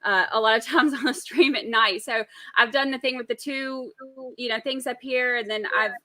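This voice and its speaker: A woman hosting a casual talk show, chatty and quick to laugh. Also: on the high side, pushed and bright. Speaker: host and streamer. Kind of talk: casual chat.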